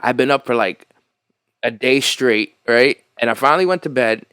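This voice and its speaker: A man hosting a podcast, telling stories in animated, profane casual chat. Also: medium pitch, normal speed, smooth, no room sound, clean studio sound. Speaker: podcast host.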